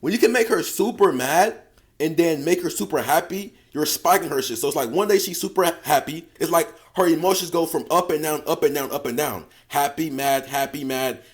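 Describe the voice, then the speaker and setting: A man with a fairly high pitch talks briskly as a dating coach giving advice. His casual monologue is slangy, profane and emphatic street talk, full of repeated phrases and calls of "bro" to the listener.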